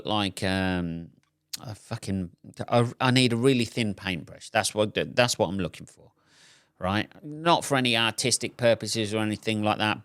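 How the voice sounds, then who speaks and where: A man's voice: medium pitch, fairly bright tone, clean tone, no room sound, clean studio sound. A man hosting a solo podcast, telling an exasperated, sweary comic story. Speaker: podcast host. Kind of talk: solo comedic rant.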